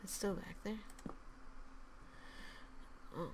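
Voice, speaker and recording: A woman casually commenting as she builds in a video game, mostly muttering to herself, repeating words, and growing loud and cheery when she signs off. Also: lowish voice, fairly even intonation, extremely slow, gravelly, background noise. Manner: mutters quietly while building, then loud and upbeat when signing off; repeats words and restarts phrases. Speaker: gaming channel host.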